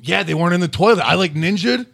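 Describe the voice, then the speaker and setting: A man's voice: high-pitched, lively intonation, quick pace, gravelly, a bit bright. A man hosting a podcast, telling crude stories in a rambling, casual way full of fillers and swearing. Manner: rambling, profane storytelling with many fillers. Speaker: podcast host. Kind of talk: casual chat. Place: podcast studio.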